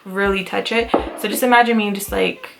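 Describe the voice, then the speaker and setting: A young adult woman vlogger telling a casual storytime, talking in quick bursts full of "like" and acting out what people said. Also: medium pitch, creaky, noisy background. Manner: animated, full of "like" fillers, acts out quotes. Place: Utah, United States.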